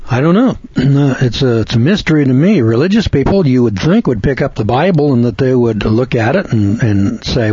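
A man giving conversational Bible commentary in a folksy, sardonic way, arguing back at a letter writer and often clearing his throat. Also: medium pitch, expressive, brisk, hardly any pauses, warm tone, highs cut off. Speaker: preacher.

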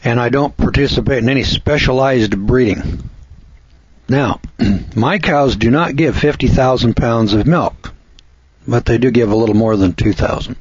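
Husky farmer type, emphatic and repetitive delivery; dull lo-fi audio. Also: male voice, mid-range voice, normal speed, no room sound. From Missouri, USA. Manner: emphatic, repeats lists of words for stress. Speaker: dairy farmer and presenter. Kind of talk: folksy monologue to camera. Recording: dull lo-fi recording.

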